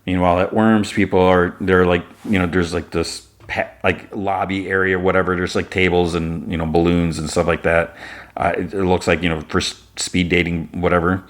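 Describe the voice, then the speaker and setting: Man, podcast host, low voice, rambling, casual recap. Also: little pitch movement, moderate pace. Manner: rambling, lots of filler, acts out voices.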